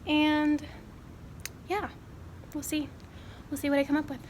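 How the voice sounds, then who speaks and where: A woman's voice: sits high, level tone, measured pace, darkish tone, a little hiss or hum, poor audio. A woman in her twenties, a kindergarten teacher, chatting casually to the camera in a rambling way, filming on a phone or camera held at arm's length in her classroom and car. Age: 20s. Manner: chatty and rambling, with fillers and self-corrections. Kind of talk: casual vlog chat.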